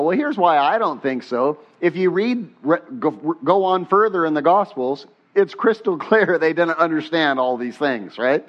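A male pastor preaches in a conversational way and has his congregation repeat lines after him. His voice sits a little high, jumps up on questions and falls quiet when he prays. The recording sounds muffled and dull. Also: measured pace, hardly any pauses. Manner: animated, rising on questions, drops soft on prayers. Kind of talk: sermon.

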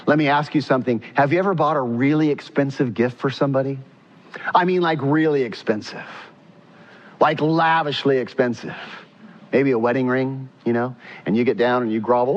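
A man preaching a sermon in an animated way, acting out voices and swinging from loud questions to hushed, tender lines. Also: mid-range voice, moderate pace, dull audio. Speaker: pastor.

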